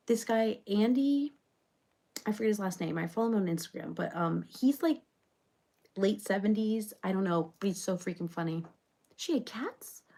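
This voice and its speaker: A chatty reality-show personality who rambles from one thought to the next and leans on constant fillers, played by a woman. Her mid-pitched voice has a gravelly fry running through it. The delivery is a loose comedic parody monologue. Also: dark tone.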